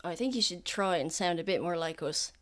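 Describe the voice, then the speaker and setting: A woman's voice: lowish voice, brisk, close to an everyday voice. A woman playing a teasing young soldier man. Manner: teasing, offhand. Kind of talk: tabletop role-play.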